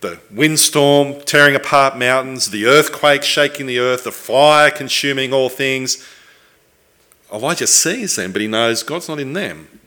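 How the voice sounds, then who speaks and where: A man preaching a sermon, earnest and reflective, with thoughtful pauses and the odd restart. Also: medium pitch, pushed and bright.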